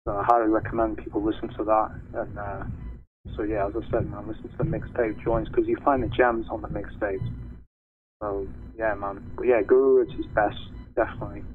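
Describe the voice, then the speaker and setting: A man's voice: on the low side, flat delivery, fairly quick. A man hosting a casual spoken review of hip hop tracks, talking in a laid-back slangy way and often tacking on "man" and "yo". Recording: tinny phone-like sound, faint noise.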